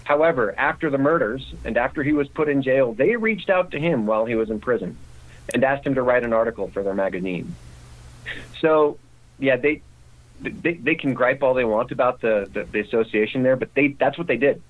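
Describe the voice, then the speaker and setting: A man's voice: medium pitch, animated, a little fast, phone-quality sound. A man speaking as a guest in a casual interview, talking conversationally with frequent restarts.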